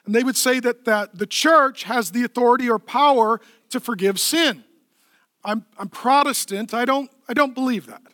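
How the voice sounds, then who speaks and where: A man's voice: very high-pitched, moderate pace, sharp tone, no room sound, studio quality. A man preaching a sermon as pastor, emphatic and conversational, asking the crowd questions and answering them himself.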